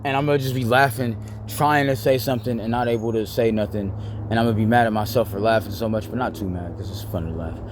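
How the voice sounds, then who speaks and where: A young man, rambling casually to camera, full of "like" and quick to laugh. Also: on the low side, faint music behind. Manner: rambling, heavy use of "like", laughs easily. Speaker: vlogger.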